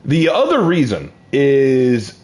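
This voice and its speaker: A young man casually telling personal stories while playing a game, with excited outbursts. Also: medium pitch, slow pace. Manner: lively, shifts from calm to excited outbursts. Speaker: gaming channel host.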